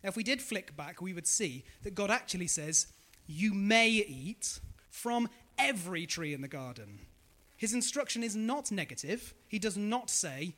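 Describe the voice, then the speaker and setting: Preaching at a measured pace, this animated man has a high, bright voice that swoops widely as he speaks. He repeatedly poses questions to the congregation and repeats back what they answer.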